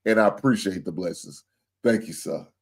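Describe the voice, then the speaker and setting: Low and gravelly, this man talks at a moderate pace as he hosts a livestream sports show. He vents about his team's loss with cursing and heat, speaking directly to viewers and those sending super chats.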